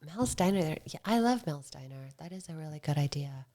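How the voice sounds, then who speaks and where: A middle-aged woman with a notably low voice talks fairly quickly as a guest on a casual podcast; she founded a motorcycle club. Relaxed and talkative, she acts out what others said in her stories, sometimes sinking to a soft whisper.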